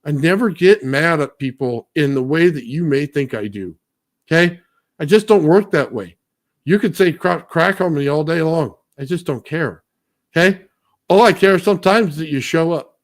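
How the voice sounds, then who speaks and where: A man's voice: fairly high pitch, lively intonation, normal speed. A man on a casual talk show, ranting bluntly and profanely and ending nearly every point with "okay?". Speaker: guest, builder. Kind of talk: heated rant in casual talk.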